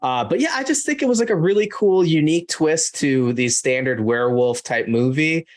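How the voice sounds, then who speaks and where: Guy on a movie podcast, mid voice, says dude a lot, gets really animated. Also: on the high side, moderate pace. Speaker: podcast host. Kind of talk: casual chat.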